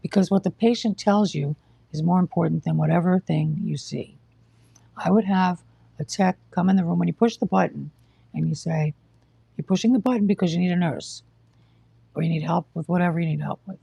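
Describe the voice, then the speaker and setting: A husky, gravelly voice, low and mellow, heard dry and close on a casual live stream. The speaker is short of breath, coughs, and talks in a blunt, exasperated, lecturing way. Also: a little fast, no echo. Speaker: livestream host telling of hospital care.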